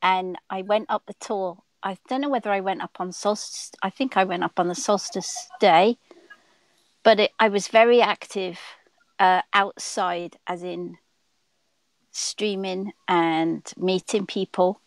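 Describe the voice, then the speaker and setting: An English woman chats as a guest on a live video call, warm in her words and easygoing. Her voice sits at a mid pitch for a woman. The sound is dry and close. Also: steady tone, measured pace, no echo, rough recording. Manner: chatty and affectionate. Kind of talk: casual livestream chat.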